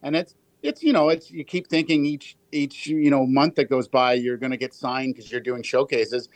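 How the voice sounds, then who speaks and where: A man's voice: medium pitch, dry recording. A middle-aged man with an Ontario accent, a guest musician telling stories in an interview. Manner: chatty, fast storytelling with restarts.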